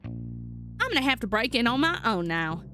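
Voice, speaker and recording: A woman's voice: on the high side, very animated, bright, forceful tone, faint music behind, voice pushed up. A woman voicing a snippy young female rabbit with a put-on country twang in a game. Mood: huffy. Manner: snippy, sulky, quick to take offense. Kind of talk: voice acting a game character.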